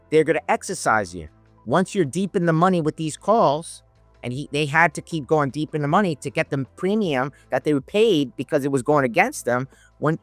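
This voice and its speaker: An options trader appearing as a podcast guest tells a story in casual conversation, rambling, restarting often, and acting out the dialogue of the people involved. His voice is a little high and a bit bright, and the recording is dry.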